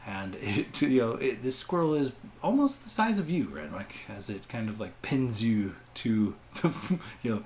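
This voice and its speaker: A man running a tabletop game as game master, narrating in a relaxed, rambling way. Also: mid-range voice, normal speed, a little hiss or hum. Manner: relaxed, rambling, casual swearing.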